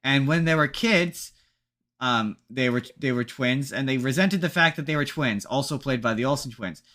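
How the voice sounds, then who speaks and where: Man, podcast co-host, bright forceful tone, rambling casual chat, frequent restarts. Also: medium pitch, moderate pace.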